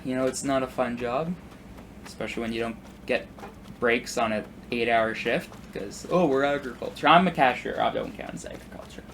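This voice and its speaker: This twenty-something man, a gaming YouTuber, tells loose, meandering work stories over gameplay, peppered with "like" and false starts. He speaks at a moderate pace in a mid-range, fairly bright voice, and there's slight background noise.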